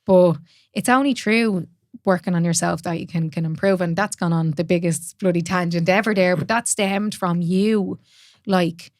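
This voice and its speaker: A woman's voice: on the low side, moderate pace, a little mellow, no room sound, studio quality. A woman in her thirties with an Irish accent, hosting a podcast as a fitness coach, talking candidly in casual chat, swearing freely and laughing often.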